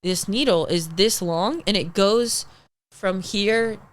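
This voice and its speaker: A young woman talks on a podcast at a medium pitch, animated and loose. She swears freely and acts out the lines of people in her story. It sounds like relaxed conversation rather than anything scripted. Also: slow. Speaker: podcast guest. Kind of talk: casual storytelling interview.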